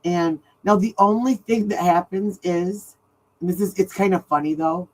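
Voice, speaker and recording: A woman's voice: lowish voice, moderate pace, low-quality recording. A middle-aged woman chats casually into a home microphone while hosting a livestream. She tells rambling stories and keeps breaking into laughter. Her talk is loose and friendly, with plenty of restarts. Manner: chatty, laughs often while telling stories. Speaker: true crime livestream host.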